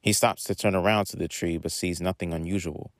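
A man reading a short story aloud in a plain, unhurried way. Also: deep voice, fairly even intonation, dry recording.

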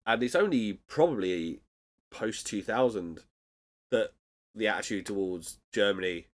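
A man's voice: on the low side, expressive, a little slow. A man chatting casually as a podcast co-host, recapping an episode with frequent laughs and restarts.

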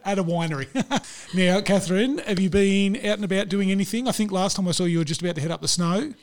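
Man, Australian accent, podcast host, casual chat, animated storytelling, fairly high pitch. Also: quick pace. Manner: animated storyteller, laughs often.

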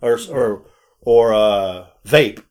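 A man telling stories in a casual chat, animated and swearing freely. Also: on the low side, drawn-out words. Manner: animated storyteller, acts out quotes, swears freely. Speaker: podcast co-host.

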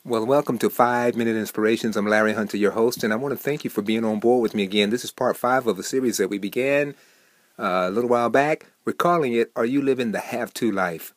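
A man hosting a short devotional program, preaching with lively swings between soft and emphatic delivery. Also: mid-range voice, fast, no room sound. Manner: animated, swings from soft to emphatic, acts out quoted people.

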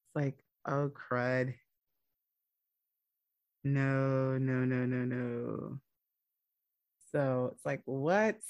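A woman's voice: extremely low pitch, very slow, long pauses, dry recording, lo-fi sound. A woman co-hosting a podcast, telling a story in casual chat and acting out the people she quotes. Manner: animated storyteller, acts out quotes. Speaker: podcast co-host recapping a drama series.

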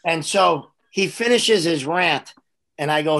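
A man's voice: a little high, lively intonation, moderate pace, vocal fry, a bit bright. A man with a slightly raised voice spins loose, profane anecdotes. He is a podcast guest and a former referee, and he talks unhurriedly from memory. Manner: profane, laid-back anecdotal storytelling. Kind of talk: casual podcast storytelling.

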